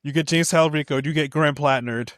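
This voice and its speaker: A man's voice: fairly high pitch, steady tone, quick pace, a bit bright, studio quality. A man co-hosting a podcast in casual political chat, chiming in, echoing his partner and laughing. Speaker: podcast co-host.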